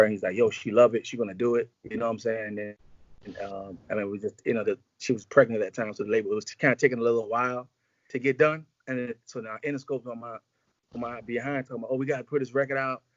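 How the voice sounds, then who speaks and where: A man's voice: medium pitch, no room sound. Guy rambling thru music biz stories, slangy, dry dull-sounding audio. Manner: loose, rambling, slangy, acts out quotes. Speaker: music executive guest. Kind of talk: casual storytelling interview.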